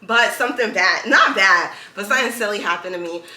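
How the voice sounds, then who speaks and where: A woman hosts a podcast, casually telling a story packed with filler words. She talks a little fast at medium pitch with a sharp tone, and the room sounds echoey.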